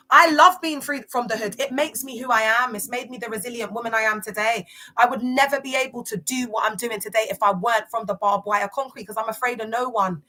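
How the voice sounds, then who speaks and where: A woman's voice: fairly high pitch, a little fast, bright, forceful tone. A young woman from West London with a London accent, giving casual vlog commentary in emphatic street slang full of rhetorical questions. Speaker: commentator on church cults.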